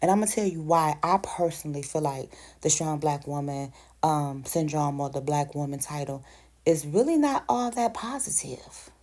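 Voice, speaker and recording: A woman past thirty-five talks straight into her phone, emphatic and conversational. Her voice sits on the low side. She calls her listeners baby and sis. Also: expressive, moderate pace, a little mellow. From United States. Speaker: vlogger. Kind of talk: direct-to-camera rant.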